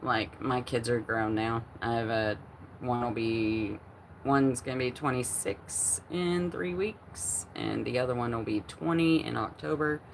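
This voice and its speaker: A woman in her forties hosts a relaxed livestream from home, talking directly with her viewers. Her voice is gravelly with some vocal fry, and she speaks slowly. She rambles, restarts her sentences and fills the gaps with lots of "um" and "like". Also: extremely low pitch, a little hiss or hum. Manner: chatty, rambling with many fillers and restarts. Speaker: livestream host. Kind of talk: casual livestream chat, reading chat aloud.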